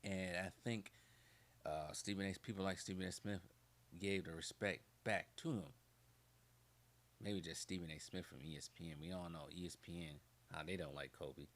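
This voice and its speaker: A man hosting his own channel, giving casual opinion commentary in an animated, ranting way. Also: sits low, normal speed. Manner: animated, ranting, laughs often.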